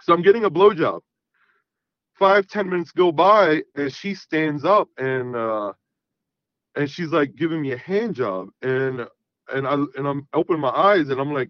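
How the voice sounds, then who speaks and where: A man's voice: a little high, lively intonation, moderate pace, dry recording, highs cut off. A man in his thirties telling a long personal story in casual chat, rambling and often saying "you know what I mean". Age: 30s. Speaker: guest.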